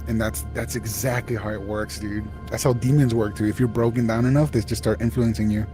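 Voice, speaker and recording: A man's voice: fairly low pitch, fairly quick, over music. A man with a South Texas accent, chatting casually and bluntly with friends on a stream, swearing a lot. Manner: blunt, profane, excitable banter. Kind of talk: casual chat.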